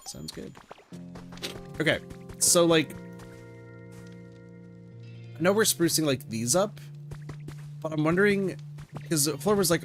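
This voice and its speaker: A man's voice: on the high side, animated, unhurried, pauses often. A man streaming a video game, chatting casually and thinking aloud with lots of fillers. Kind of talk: casual let's-play commentary. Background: game music.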